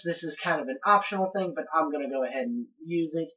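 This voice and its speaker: A woman's voice: low voice, quick pace. A woman giving casual, rambling commentary while playing a game, narrating each step as she goes. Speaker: let's play gamer. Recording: dull lo-fi recording.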